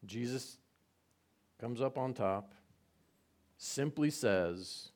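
A man's voice: mid-range voice, lively intonation, measured pace. A man preaching a conversational sermon, retelling scenes with repetition and side remarks. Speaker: pastor.

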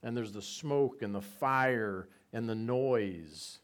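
A man giving a conversational Bible teaching, relaxed and asking his listeners rhetorical questions. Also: fairly low pitch, slow.

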